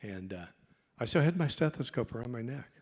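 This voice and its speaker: This middle-aged doctor and speaker has a husky, slightly mellow mid-range voice, expressive and brisk. He entertains a convention crowd with a folksy, self-mocking story, recorded with a long hall reverb.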